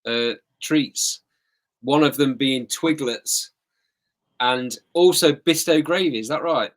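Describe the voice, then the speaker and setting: A man from Britain hosts an interview, asking questions in a friendly, courteous manner. He pauses with the odd um. His pitch sits in a middle range. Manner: friendly, polite, hesitant with ums. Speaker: interviewer, host. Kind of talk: conversational interview.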